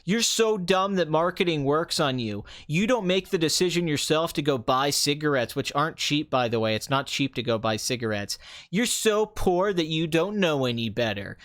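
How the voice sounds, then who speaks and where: A young man with a high-leaning, fairly bright voice hosts a casual movie review podcast, ranting sarcastically and throwing in mocking asides.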